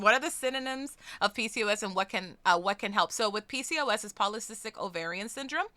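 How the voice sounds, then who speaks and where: A young woman hosts a live stream with a very bright, clear tone, recorded close and dry. She talks casually to her chat, excitable and quick to swear, swinging from easy chatter to squeals. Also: mid-range voice, dry recording. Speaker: streamer hosting a charity stream.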